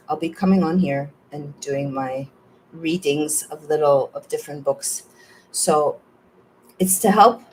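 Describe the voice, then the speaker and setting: A woman's voice: sits low, a little mellow, slight background noise, rough recording. A woman host chatting in a rambling, casual way at the end of a livestream, with a spiritual bent. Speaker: host and journalist.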